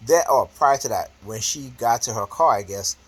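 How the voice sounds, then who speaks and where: A man's voice: mid-range voice, moderate pace, slightly rough, low-quality recording. A man vlogging in a casual talk to camera, emphatic and repetitive, checking in often with "right?" and "okay?" and correcting himself as he goes. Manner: restarts and self-corrections, talking off the cuff.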